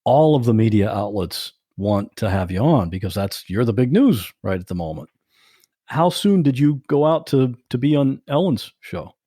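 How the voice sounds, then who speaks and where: Mellow-voiced male podcast host. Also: mid-range voice, very animated, moderate pace, dry recording, studio quality. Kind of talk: casual interview.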